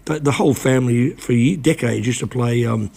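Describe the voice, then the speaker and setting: Older man, gravelly and husky. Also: medium pitch, darkish tone. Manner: halting, many restarts and repeated words. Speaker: guest, former reporter. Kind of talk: casual radio conversation.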